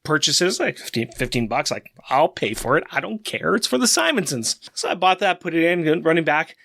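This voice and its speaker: Excited, animated podcast co-host, male. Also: a little high, fairly quick, creaky, no room sound, clean studio sound. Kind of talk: casual chat.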